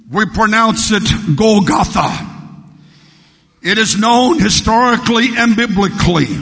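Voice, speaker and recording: Male Pentecostal preacher, high, slow and gravelly, shouting in a long-echo sanctuary. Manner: rhythmic repetition building to shouts. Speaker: pastor. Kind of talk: Pentecostal sermon. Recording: long hall reverb.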